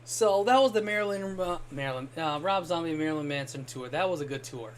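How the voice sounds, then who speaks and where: A man streaming a game and telling a rambling story in casual chat, swearing freely and getting animated when he quotes people. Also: on the high side, fairly quick, slight background noise. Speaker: gaming streamer. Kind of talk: casual storytelling while gaming.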